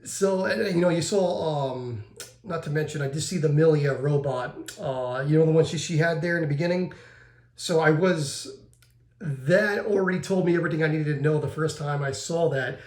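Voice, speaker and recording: A man's voice: fairly high pitch, moderate pace. Rambling man, echoey room. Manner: rambling, repeats himself, frequent restarts and fillers. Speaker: video game reviewer. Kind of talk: casual spoken game review.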